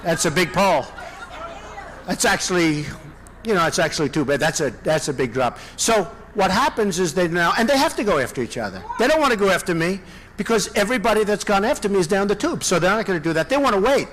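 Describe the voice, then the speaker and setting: Older man, 60s, candidate at a rally. High, very lively voice, circles back on himself and repeats lines, boastful asides, faint hiss under it. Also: fast, poor audio. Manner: rambling, repetitive, boastful asides. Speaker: presidential candidate. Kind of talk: campaign rally speech. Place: large indoor rally venue.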